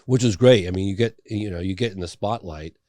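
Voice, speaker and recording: Deep-voiced man telling a story. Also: brisk, dry recording. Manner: animated storyteller acting out quoted dialogue, loose with fillers. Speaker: guest, documentary filmmaker. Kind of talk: storytelling in a podcast interview.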